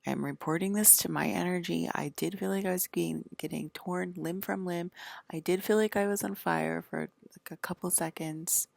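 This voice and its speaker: A woman vlogger delivers a rambling, profane, casual monologue, leaning heavily on "like" and sometimes sinking into a half-whisper. Her voice is lowish, gravelly and a little mellow, with a steady tone at normal speed, and the recording has no room sound.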